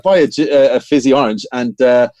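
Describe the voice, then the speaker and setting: A man's voice: medium pitch, brisk, dull audio, a little hiss or hum. Swearing Irish man telling stories. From Ireland. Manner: swears freely, animated storytelling. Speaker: guest. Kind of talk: casual chat.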